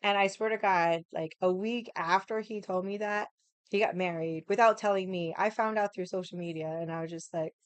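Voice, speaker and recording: A woman's voice: mid-range voice, steady tone, moderate pace, clear, resonant tone, dry recording. A woman vlogger in casual chat, telling a rambling story bluntly and swearing freely.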